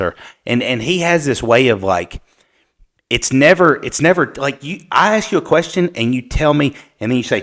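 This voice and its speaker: A young man hosts a casual podcast at an ordinary, mid-range pitch. He rambles loosely and swears freely as he talks. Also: expressive, normal speed, a bit bright. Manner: loose, rambling, peppered with profanity. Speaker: podcast host. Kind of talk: casual chat.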